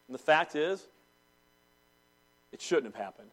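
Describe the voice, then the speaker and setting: A man preaching a sermon to a congregation in a church, swinging between loud declarations and hushed intensity. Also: on the high side, animated, measured pace. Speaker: pastor.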